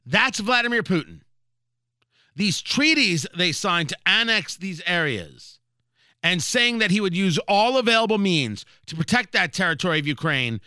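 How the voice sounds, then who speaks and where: A man hosting a comedic news commentary, sarcastic and animated, often repeating words mid-sentence. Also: high voice, no echo, studio quality. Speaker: host.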